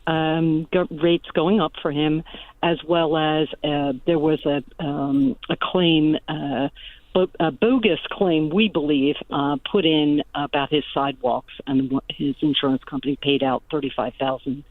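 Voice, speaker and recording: A woman's voice: low voice, fairly even intonation, measured pace, dry recording. A middle-aged woman from Philadelphia calling in to a radio show, talking hesitantly with many fillers. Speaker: caller. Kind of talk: call-in radio question. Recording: tinny phone line.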